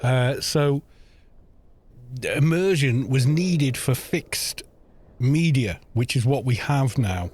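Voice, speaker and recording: A man's voice: medium pitch, animated, slow pace, pauses often, a little mellow, slight background noise. A man chatting casually while streaming a game, musing aloud with plenty of fillers.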